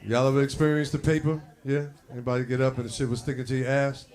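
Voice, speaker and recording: A man's voice: mid-range voice, fairly even intonation, quick pace, a little mellow, soft background music. A man emceeing a comedy show, working the crowd with hype and banter. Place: comedy club with live audience.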